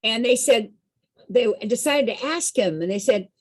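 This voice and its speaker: A woman telling a story to a group in an animated way, often asking her listeners questions. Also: on the high side, normal speed. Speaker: storyteller and song leader.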